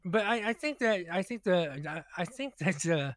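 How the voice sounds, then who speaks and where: A man's voice: high voice, lively intonation, normal speed, a bit bright. A man co-hosting a podcast who rambles through his points with lots of hesitations and restarts. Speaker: podcast co-host. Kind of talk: casual chat.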